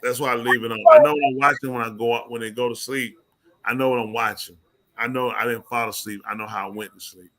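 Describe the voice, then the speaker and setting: A man hosting a talk show, telling a story in an animated way, keeps saying "listen" and acting out what people said. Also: medium pitch, quick pace, gravelly. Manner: excitable, repeats "listen", acts out quotes. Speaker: podcast host. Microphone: studio mic.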